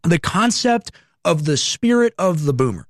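A young male radio host in his twenties runs a heated commentary monologue, hammering points home with repeated rhetorical questions. His voice sits high for a man, and the sound is dry and close, with no room echo. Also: very animated, moderate pace. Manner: emphatic, repetitive rhetorical questions.

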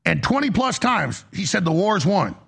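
A man's voice: sits high, big pitch swings, normal speed, vocal fry, fairly bright tone, slightly rough. A man hosting a political commentary show, heated and emphatic, often restarting his sentences.

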